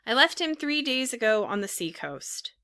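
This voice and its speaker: A woman voicing a large, calm, helpful male pigeon who talks in a matter-of-fact way. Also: on the high side, moderate pace, voice pushed up, heavily acted.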